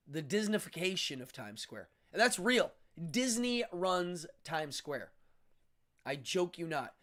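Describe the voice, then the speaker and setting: Middle-aged male livestream host, lively sing-song delivery, rambling and chatty, talks straight to his viewers. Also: sits high. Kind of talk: casual livestream chat with viewers.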